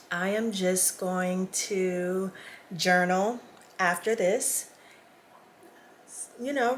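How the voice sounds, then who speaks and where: A woman's voice: medium pitch, slight background noise. A woman vlogger talking casually to camera in a small indoor guest room. She is emotional and close to tears, and chats directly with her viewers. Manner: chatty, addresses viewers directly.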